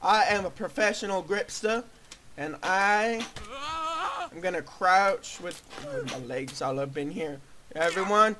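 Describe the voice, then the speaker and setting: A young man giving goofy, excitable let's play commentary, often shouting. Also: high-pitched, unhurried. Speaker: gaming video host.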